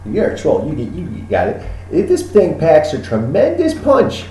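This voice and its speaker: A man voicing a pushy, hyper male arms dealer with high, fast, repetitive sales patter in a tabletop game. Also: wildly swooping pitch, mellow, heavy reverb, recorded from a distance, slight background noise, rough recording. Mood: hushed selling.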